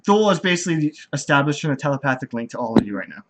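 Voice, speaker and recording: A man narrating as game master, chatty and lively. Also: a little high, very fast, background noise. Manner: lively, chatty, laughing at himself.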